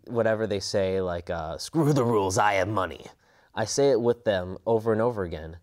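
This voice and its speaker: A man's voice: fairly low pitch, a little mellow. A young man talking casually in an interview about his work as a voice actor, in an earnest, rambling way. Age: young adult. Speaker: voice actor and student.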